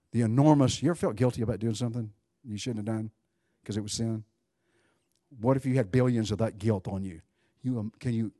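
A pastor with a mid-range voice preaches a sermon in an animated, conversational way, swinging between loud bursts and hushed asides as he jokes with his congregation. The recording is studio quality with no echo.

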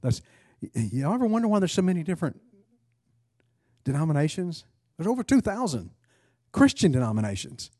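A man leading a Bible study class, talking casually and putting questions to the group. His voice is mellow and warm at a middle pitch. The recording is dry, with little room sound. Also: very animated, fairly quick, no echo. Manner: conversational, quizzes the class, frequent restarts. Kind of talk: interactive Bible class teaching.

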